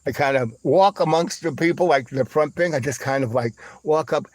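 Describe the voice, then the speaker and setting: A man's voice: brisk, hardly any pauses, no echo. Man, livestream host, rambling story, lots of fillers, dry close sound. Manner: acts out other voices with big high squeals. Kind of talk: rambling anecdote.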